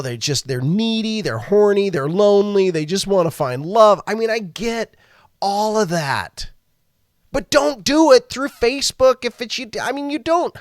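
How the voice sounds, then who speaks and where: A podcast host, a man, tells a story in loose, casual talk. His pitch swings a lot as he acts out quoted lines and laughs between them. The sound is dry, with no room around it. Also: a bit bright, dry recording.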